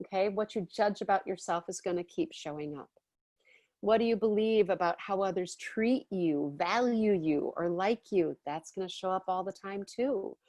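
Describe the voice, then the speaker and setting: Woman teacher, casual and chatty, mid pitch, dry close sound, keeps checking in with the class. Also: normal speed, darkish tone, no room sound. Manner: chatty, often checks in with "okay?" and "all right?".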